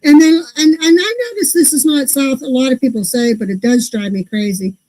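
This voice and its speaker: A woman's voice: high-pitched, brisk, warm tone, low-quality recording. A woman co-hosting a podcast, chatting casually and puzzling over her pet peeves in a ranting way. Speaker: podcast co-host. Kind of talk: casual chat.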